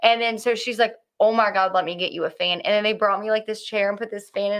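A woman recounting a personal story in a casual talk. Her voice carries a gravelly fry, and she stops and restarts her sentences often, leaning on fillers. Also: medium pitch, steady tone, fast talker, few pauses, a bit bright. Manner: hesitant, many fillers and restarts.

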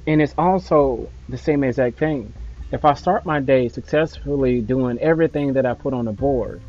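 Man, motivational talk, earnest, trailing quiet endings, slightly dull audio, faint music behind. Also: medium pitch, moderate pace. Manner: earnest, voice trailing off softly at phrase ends. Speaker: father giving motivational advice.

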